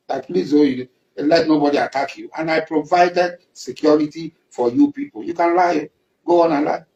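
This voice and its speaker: A man's voice: on the high side, echoey room, rough recording. A Nigerian man giving an emphatic public statement, accusing and repeating himself for weight. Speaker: community leader.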